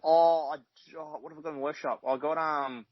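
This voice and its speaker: A man's voice: a little high, fairly even intonation, brisk, no room sound. Australian man, podcast guest; rambling, cussing yarns; dry, slightly muffled sound. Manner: rambling, swears casually, laughs often. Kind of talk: casual chat.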